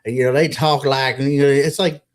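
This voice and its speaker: A man's voice: medium pitch, a little fast. Guy cohosting a podcast, swears a lot, blunt, gets worked up. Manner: blunt, profane, animated when ranting. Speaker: podcast co-host. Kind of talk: casual chat.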